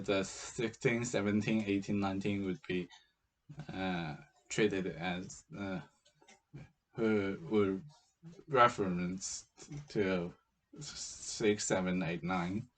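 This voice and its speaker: A man with a Chinese accent teaching, speaking haltingly with frequent hesitations and restarts. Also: low-pitched, steady tone. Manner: hesitant, many fillers and restarts. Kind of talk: explaining with slow, halting delivery.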